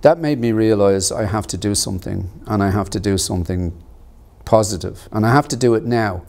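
Earnest man, low voice. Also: darkish tone. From Ireland. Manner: measured and earnest, with pauses and fillers. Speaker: actor and author interviewed about his book. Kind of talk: reflective personal storytelling.

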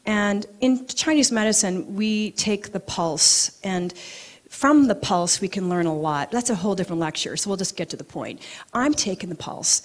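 Woman, storytelling talk, animated, laughs easily, middle pitch, hushes for emphasis. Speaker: acupuncturist giving a talk.

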